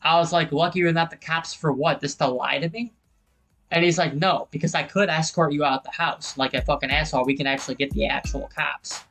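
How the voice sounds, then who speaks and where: Male gaming host, mid-pitch, heated storyteller who curses and acts out dialogue. Soft music bed. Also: steady tone, fairly quick, low-quality recording. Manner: heated, swearing, acts out quoted people. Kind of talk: casual storytelling over gameplay.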